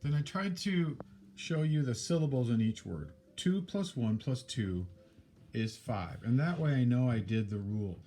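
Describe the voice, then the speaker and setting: A man's voice: medium pitch, animated, a little slow, mellow, slight background noise. A man teaching a classroom lesson, patiently repeating points and counting things out step by step.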